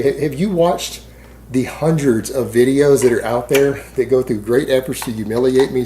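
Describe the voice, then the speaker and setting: A man's voice: mid-range voice, dark tone, a little hiss or hum. A man speaking to camera in a rambling, defensive monologue, sarcastic and full of fillers. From Texas. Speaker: fitness YouTuber.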